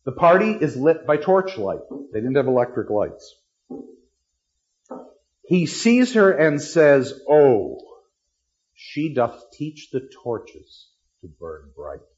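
A middle-aged man teaching literature, lecturing with lively, dramatic delivery and acting out lines of verse. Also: mid-range voice, muffled recording. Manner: animated, acts out lines dramatically.

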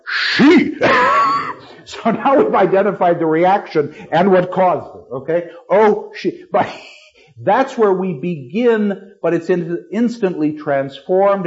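A middle-aged man teaching literature, lecturing with lively, dramatic delivery and acting out lines of verse. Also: a little high, lo-fi sound. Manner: animated, acts out lines dramatically.

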